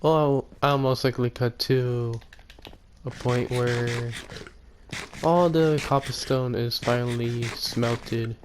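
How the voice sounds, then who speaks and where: A man casually commenting on his own gameplay, rambling and correcting himself, often speaking quietly. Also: mid-range voice, steady tone, slow pace, a little hiss or hum. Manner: rambling, self-correcting, soft-spoken. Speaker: gaming YouTuber.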